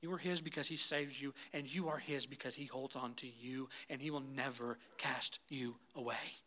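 Bright-voiced preaching pastor, a man. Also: fairly even intonation, moderate pace. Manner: swings from loud, rising intensity to soft, low pleading; repeatedly addresses the congregation as "guys". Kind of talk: sermon.

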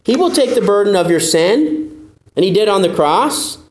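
Emphatic high-voiced male preacher. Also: big pitch swings, normal speed, roomy sound. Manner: earnest, emphatic preaching that acts out quoted doubters in a higher voice. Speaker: pastor. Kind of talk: sermon.

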